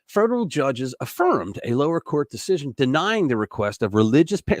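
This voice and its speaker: A man hosting a casual news commentary show, reading stories aloud and breaking in with blunt, sarcastic remarks, swinging between loud outbursts and mumbled asides. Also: medium pitch, lively intonation, a little fast, no echo, clean studio sound. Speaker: political commentary host.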